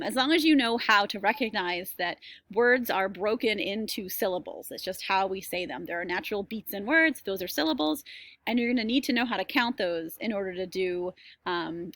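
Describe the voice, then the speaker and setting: A woman's voice: medium pitch, fairly bright tone, no room sound. Lady teacher talking through a screen-share lesson, lots of ums, reassuring, dead dry room. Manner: chatty and reassuring, many ums and likes.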